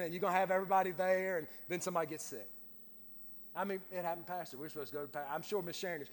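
A man preaches with a high, bright-pitched voice, trading homey jokes and stumbling repeats as he builds toward his point. His words ring out with a long tail of reverb from a church sanctuary. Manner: folksy, joking storytelling with repeated words. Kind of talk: sermon.

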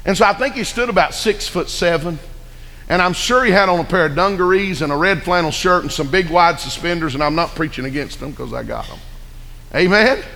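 A man preaching with a bright, high voice. He tells the story folksy and vivid and keeps calling for amens. The sound carries long hall reverb. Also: brisk, creaky, slight background noise. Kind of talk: sermon.

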